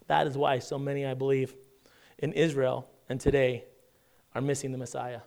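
A man preaching a sermon as pastor, chatty and direct, often checking in with his listeners and swinging from loud emphasis down to a hushed near-whisper. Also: mid-range voice, little pitch movement, normal speed, creaky. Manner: conversational, asks the congregation "right?".

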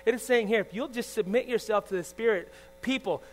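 A man in his forties preaching a sermon, swinging from loud emphatic lines to soft confiding asides, often asking the congregation "all right?". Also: sits high, a little fast, soft background music, low-quality recording. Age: 40s. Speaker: pastor. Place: church. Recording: faint mains hum.

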